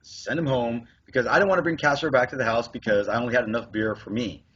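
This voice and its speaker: Husky-voiced man, casual podcast storyteller, profane and rambling, lo-fi sound. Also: medium pitch, very fast. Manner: profane, rambling, animated retelling with quoted dialogue. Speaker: podcast co-host. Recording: dull lo-fi podcast audio.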